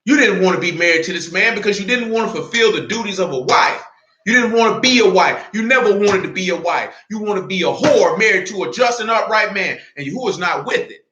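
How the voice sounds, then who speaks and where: Male preacher, high and sharp-edged, confrontational sermon delivery, echoey room. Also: animated, dull audio. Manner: fiery, confrontational street-talk preaching; slower, lower reading of scripture.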